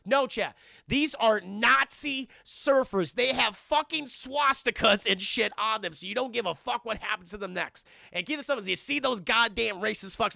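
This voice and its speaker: A man's voice: sits high, fairly quick, creaky, no room sound, clean studio sound. A man casually recapping a film scene by scene for his live chat, swearing often and acting out the characters. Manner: animated, swears a lot, acts out scenes. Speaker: streamer reviewing a film.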